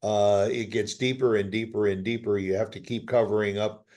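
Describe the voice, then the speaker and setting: A man's voice: fairly low pitch, fairly even intonation, normal speed, a little mellow. Easygoing male podcast co-host. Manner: easygoing, repeats words, chips in with short replies. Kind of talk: casual chat.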